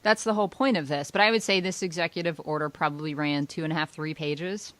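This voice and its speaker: A woman's voice: sits low, a bit bright, no room sound. Sarcastic woman podcast co-host, dry sound. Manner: sarcastic, mocks others' views in quick asides. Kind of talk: casual political chat.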